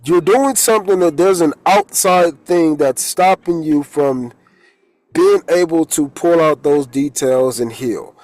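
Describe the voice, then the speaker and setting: A man's voice: fairly high pitch, measured pace, a little mellow, poor audio. A man, a holistic coach, giving a rambling, casual spiritual talk and swearing when he gets heated.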